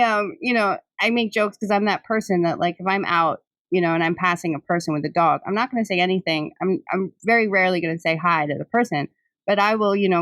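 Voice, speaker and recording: A young woman in easy podcast chat, talking in a slightly low voice and laughing often. Her speech is full of casual fillers, and the recording is dry and close with no room sound. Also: a bit bright, no room sound. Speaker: podcast host.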